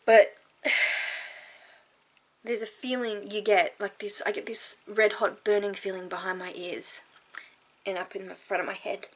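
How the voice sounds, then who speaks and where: Aussie woman vlogging, teary and earnest, sighs a lot, pauses between bits. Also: medium pitch, level tone. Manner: earnest and heartfelt, halting with sighs. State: tearful. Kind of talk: frank personal vlog talk.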